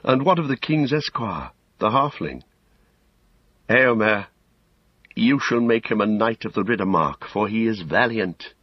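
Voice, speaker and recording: A tired, grieving noblewoman speaks in a soft voice pitched well above the reader's own, as a man puts her on. It's a storybook reading, husky underneath and dry. The audio is dull and lo-fi. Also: expressive, unhurried, no echo. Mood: grieving, resolute. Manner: soft, mournful, lifted pitch. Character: weary noble young woman warrior, shieldmaiden.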